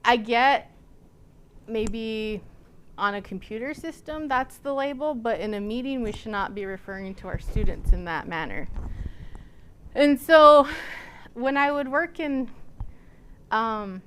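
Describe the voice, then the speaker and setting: Woman lecturer from Nebraska, relaxed anecdotal delivery with fillers, slightly high voice. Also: measured pace, pauses often, a little hiss or hum. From Nebraska, United States. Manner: conversational, personal anecdotes with frequent fillers. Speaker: college student services coordinator giving a lecture. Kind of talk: storytelling lecture.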